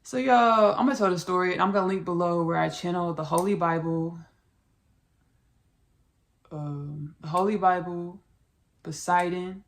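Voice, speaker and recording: A woman's voice: fairly low pitch, normal speed, long pauses. A woman podcast host with a Southern US country accent, giving a rambling, repetitive spiritual monologue full of restarts and familiar asides. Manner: rambling and repetitive, with frequent restarts, calling listeners "y'all" and "baby".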